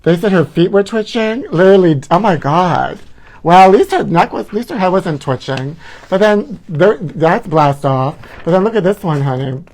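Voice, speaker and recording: A man's voice: high voice, expressive, normal speed, a little mellow. A man hosting a campy celebrity gossip livestream, calling everyone honey and laughing at his own jokes. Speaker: host.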